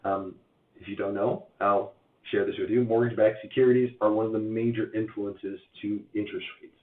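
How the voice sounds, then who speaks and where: A man with a hoarse voice from losing it, giving a chatty live-stream update on mortgage rates, full of uhs and restarts. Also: fairly low pitch, steady tone, fairly quick. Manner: chatty, filler-heavy, many uhs and restarts. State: hoarse, lost voice. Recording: tinny phone-like sound in an echoey room.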